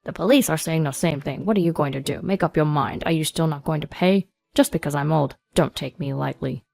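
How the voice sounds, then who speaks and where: A woman's voice: low voice, a little fast, vocal fry, darkish tone, no room sound. A woman reading the lines of an older male steakhouse owner who blusters and threatens in a storybook tale. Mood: threatening. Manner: blustering, menacing.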